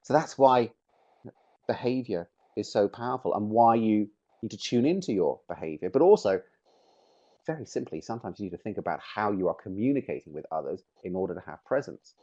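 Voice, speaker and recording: A man's voice: fairly low pitch, expressive, fairly quick, mellow, dull audio. Man giving an emphatic webinar talk. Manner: emphatic, varies stress on words to make points. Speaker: webinar presenter. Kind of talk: webinar presentation.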